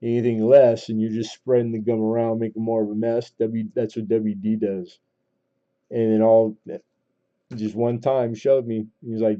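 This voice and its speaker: Very dark-voiced man hosting a live auction. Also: fairly low pitch, little pitch movement, normal speed. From Southern California. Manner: rambling, chatty, lots of fillers and restarts. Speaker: auction livestream host. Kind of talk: casual livestream chat and auctioneering. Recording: dull lo-fi stream audio.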